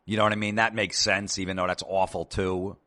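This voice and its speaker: A man's voice: deep voice, little pitch movement, a little fast, sharp tone. A man hosting a comedy show, ranting in a sarcastic, profane and exasperated way. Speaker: comedian host. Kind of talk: comedic rant.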